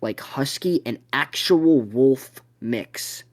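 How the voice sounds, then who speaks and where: Young adult co-host, podcast storyteller; mid-pitched voice that swings widely, heavy profanity, rambling delivery. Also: slow pace. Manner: profane, rambling, with sudden excited bursts. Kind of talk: casual storytelling chat.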